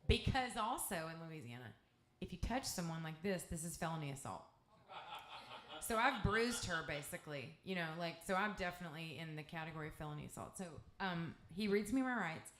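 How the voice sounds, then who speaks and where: A woman with an East Texas accent spins a candid, salty, meandering story between songs. She talks at a slightly low pitch through a stage microphone. Her voice rings around an echoey live club room. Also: animated, brisk, noisy background. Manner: candid, profane, rambling storytelling. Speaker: guest singer-songwriter.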